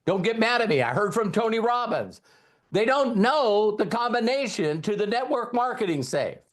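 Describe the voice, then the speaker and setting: A man in his fifties giving an energetic motivational training talk as a network marketing trainer, repeating key lines and quizzing his audience. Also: sits high, moderate pace.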